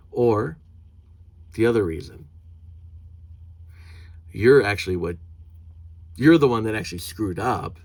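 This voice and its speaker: A man ranting angrily in a vlog, indignant and swearing, mocking others in a high put-on voice. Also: darkish tone, slightly rough, dry recording. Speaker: vlogger.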